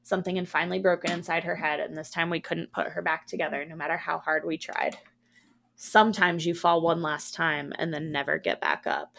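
Woman, hushed horror storytelling, low voice, gravelly fry. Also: fairly even intonation, fairly quick. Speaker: podcast co-host reading a story. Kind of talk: reading a horror story aloud.

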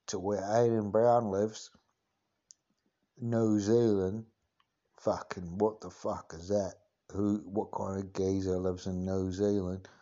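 A man's voice: fairly low pitch, dark tone, muffled recording. A man doing a rambling Cockney geezer. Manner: rambling, sweary, full of filler phrases. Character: swaggering cockney tough-guy geezer, male, middle-aged. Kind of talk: comic celebrity impression.

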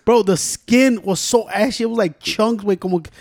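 Fast talking dude, highish voice, dry close sound, cussing and joking around. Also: male voice, darkish tone, no room sound. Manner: fast, defensive joking, swearing. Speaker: podcast co-host and cameraman. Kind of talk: casual banter.

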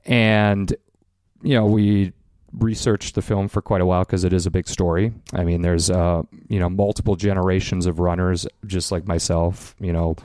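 A man's voice: low-pitched, flat delivery, normal speed, darkish tone, no echo, clean studio sound. A man with a Chicago accent, a filmmaker guest in a casual interview, talking with lots of fillers and restarts and laughing easily. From Chicago area, USA.

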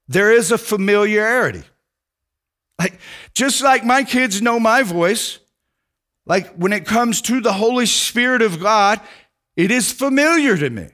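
A man's voice: high voice, a bit bright. A middle-aged male pastor preaching a sermon in an earnest, emphatic way, rising and dropping for stress.

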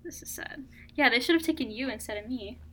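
A young woman co-hosting a podcast in casual chat, rambling with lots of "like" and animated complaining. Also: a little high, fast talker, a crowd in the background. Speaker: podcast co-host. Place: home, painting her nails.

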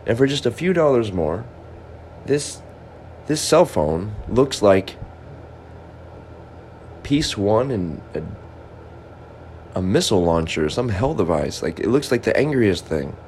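A man's voice: fairly low pitch, very animated, slow, long pauses, a little mellow, slight background noise. A man and amateur comedian delivering a rambling, improvised monologue, musing aloud in stop-start bursts and scolding things around him.

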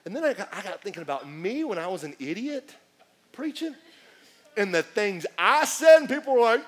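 A man preaching a sermon, animated and full of acted asides and shouted lines. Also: high voice, brisk. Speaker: pastor.

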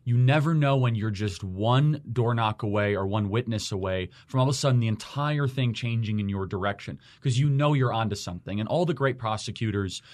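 A man hosting a studio talk show, recounting examples briskly and checking in with "right?". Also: lowish voice, darkish tone. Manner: brisk, storytelling, ends points with "right?". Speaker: show host. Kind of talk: studio conversation. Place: radio studio.

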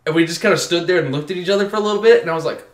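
A young man telling a story in a casual chat, animated and full of "like" fillers. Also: a little high, very fast. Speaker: podcast co-host. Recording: echoey room.

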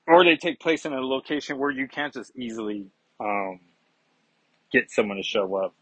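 A man reviewing a comic casually, reading aloud with halting fillers and asides. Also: medium pitch, animated, breathy edge, no room sound, poor audio.

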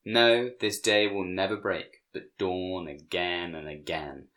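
A man voicing a doting, sly demon woman in soft, cooing tones. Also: on the low side, moderate pace, natural voice.

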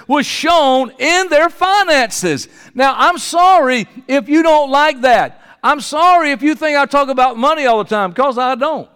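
Male pastor mid-sermon, very high, smooth, resonant voice carried by long hall reverb; shifts from loud high exclamations to low quiet asides.

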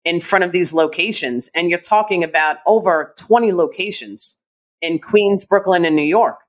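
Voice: medium pitch, normal speed, low-quality recording. A podcast co-host with a mid-range voice rants about how things have changed, firmly opinionated. The delivery stays conversational and casual throughout. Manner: opinionated, ranting commentary.

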